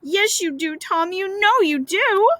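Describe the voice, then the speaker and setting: A shy, touchy schoolgirl from a storybook, hesitant and coy, with a bright and lively voice, as a woman reads her aloud. Close, dry sound with no room echo. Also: very high-pitched, a little slow, voice pushed up, heavily acted.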